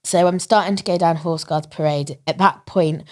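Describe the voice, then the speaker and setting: An Englishwoman appearing as a guest on a podcast interview, a marathon runner, tells a personal story with animation. She laughs often and imitates other people's voices, speaking at normal speed in a lowish voice.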